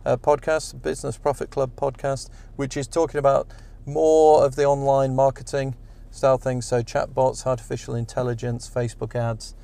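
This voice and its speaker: A man's voice: mid-range voice, moderate pace, gravelly, hardly any pauses. A man co-hosting a podcast, chatting casually and jokingly while reading out listener reviews. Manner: jokey, relaxed, reads listener reviews. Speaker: podcast co-host.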